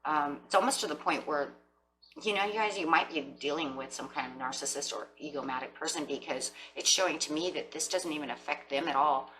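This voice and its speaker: A woman's voice: low voice, fairly bright tone, slight background noise, low-quality recording. A woman giving a tarot reading, speaking straight to her viewers and voicing imagined lines from the people she describes. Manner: speaks directly to viewers, acts out imagined quotes. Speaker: tarot reader.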